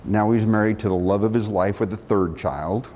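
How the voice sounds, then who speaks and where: Middle-aged guy telling a story, acts out the voices, big echoey hall. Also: normal speed. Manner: animated storyteller acting out quotes. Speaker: speaker telling his career story. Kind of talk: storytelling talk. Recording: long reverb of a hall, faint rumble.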